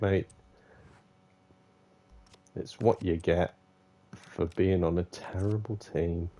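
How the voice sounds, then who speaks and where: A man's voice: low-pitched, dark tone. A man streaming a football manager game, chatting casually, muttering to himself and laughing often. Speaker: gaming streamer. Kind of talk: casual live gameplay commentary.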